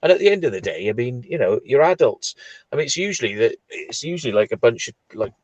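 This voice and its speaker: A man's voice: mid-range voice, very animated, fast talker, darkish tone, no echo, highs cut off. A man from South Wales, chatting and telling indignant stories in a casual live chat. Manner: chatty, indignant storytelling, many fillers. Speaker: urban explorer, live chat co-host.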